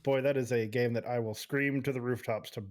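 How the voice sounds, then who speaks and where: A man co-hosting a podcast, chatting casually about games, reacting quickly with laughs and swearing. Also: medium pitch, steady tone. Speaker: podcast co-host. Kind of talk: casual gaming chat.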